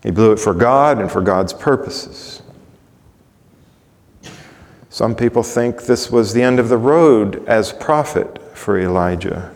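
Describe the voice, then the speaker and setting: A man's voice: on the low side, takes it slowly, pauses often. Preacher man in a reverberant hall. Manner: dramatic reading, swelling loud then dropping to a hush. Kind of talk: sermon with scripture reading.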